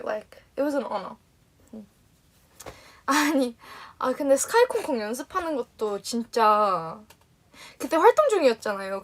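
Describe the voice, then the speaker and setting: A young woman hosting a livestream, telling a story casually to fans. She rambles, giggles often and acts out other people's lines. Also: a little high. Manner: animated and giggly, rambling with restarts. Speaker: livestream host.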